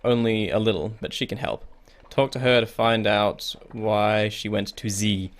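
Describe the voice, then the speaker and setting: A man's voice: lowish voice, measured pace. A young man hosting a casual let's play, reading the game's text aloud and reacting in a chatty way. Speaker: gaming video host. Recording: faint game music behind.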